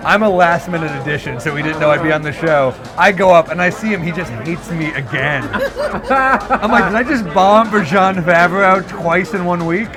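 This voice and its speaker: Self-mocking New comedian, slightly high. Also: male voice, moderate pace, over music. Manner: self-deprecating, animated storytelling. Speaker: stand-up comedian. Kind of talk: stand-up storytelling.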